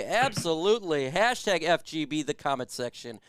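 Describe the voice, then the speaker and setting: A man's voice: fairly high pitch, very animated, normal speed, a bit bright. A man hosting a casual sports live stream who hypes the chat and reads out viewer comments. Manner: hypes chat, reads super chats aloud.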